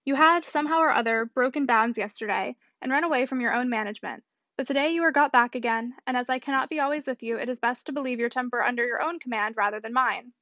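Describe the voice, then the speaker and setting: A woman's voice: on the high side, fast talker, bright, forceful tone, no echo. A woman reading the part of a witty, self-assured young lady with an arch, playful manner. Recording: dull dry audiobook recording.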